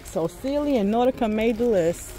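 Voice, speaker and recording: A woman chats through a shopping vlog in a home goods store, her fairly high voice swooping up and down. She gushes and gets excited, talking straight to her viewers. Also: moderate pace, noisy background. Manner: gushing, excitable, talks to viewers. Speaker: vlogger.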